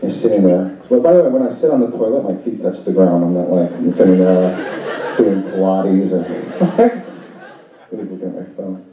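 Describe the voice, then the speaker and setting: Stand-up guy at a club, animated, dark mellow voice, super echoey room, kinda far off and muffled. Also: moderate pace, some chatter behind. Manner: animated, shrieks in a high panicked voice for bits. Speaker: stand-up comedian. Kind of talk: stand-up comedy set. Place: comedy club stage. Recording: roomy, distant, dull club recording. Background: audience laughter.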